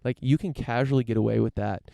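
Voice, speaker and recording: A man's voice: mid-range voice, fairly even intonation, fast talker, creaky, warm tone, no room sound, studio quality. A podcast host from the United States, a man riffing through a casual opinion monologue, rambling with lots of fillers, restarts and casual swearing.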